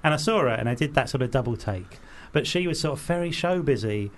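A man's voice: mid-range voice, expressive, quick pace. A man telling chatty anecdotes in a casual podcast conversation, acting out little voices as he goes. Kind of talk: casual chat.

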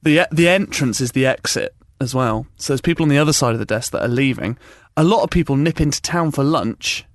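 A young man telling a funny story in a casual chat, animated and laughing often as he acts out quotes. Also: mid-range voice, a little fast, hardly any pauses, dry recording, studio quality.

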